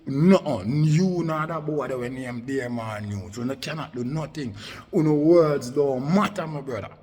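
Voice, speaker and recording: A man's voice: mid-range voice, expressive, moderate pace, a little mellow, long reverb tail. Heated Jamaican man ranting in patois. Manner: confrontational, heavy Jamaican patois and cursing. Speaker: online commentator. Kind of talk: angry rant aimed at a rival.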